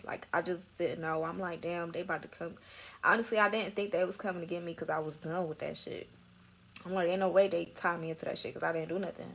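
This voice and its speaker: A woman's voice: on the low side, vocal fry, a bit bright, husky, rough recording. A young woman telling her own story in a slangy, emotional way, close to tears at times. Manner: slangy, tearful, dramatic retelling.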